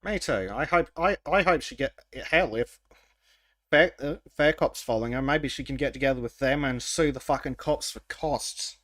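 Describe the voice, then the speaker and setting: A man hosting a podcast in casual chat, wry and sarcastic, with halting restarts. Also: mid-range voice, fairly bright tone, no room sound. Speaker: podcast host.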